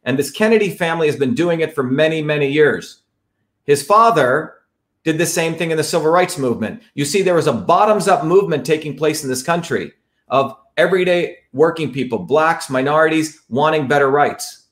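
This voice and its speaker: A man's voice: fairly high pitch, animated, fairly quick, a bit bright. A man from India hosting a political monologue, talking in an emphatic, repetitive, rallying way as he introduces his guest. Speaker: host.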